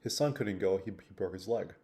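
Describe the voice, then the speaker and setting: Low, mellow-voiced man musing aloud. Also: brisk. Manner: thoughtful, rambling with restarts and fillers. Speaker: vlogger. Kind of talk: reflective personal vlog.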